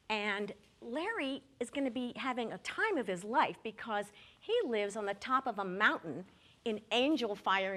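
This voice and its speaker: A woman performing a solo comic story on stage in a small theater, acting out the dialogue in an animated way. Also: mid-range voice.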